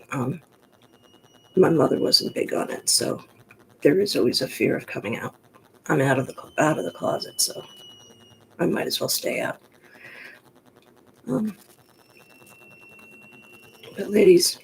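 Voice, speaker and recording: A woman from the New York Pocono area with a gruff voice, rambling frankly in a casual monologue to the camera. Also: on the low side, darkish tone, slight background noise, low-quality recording. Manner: chatty, digressive, frank. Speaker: vlogger.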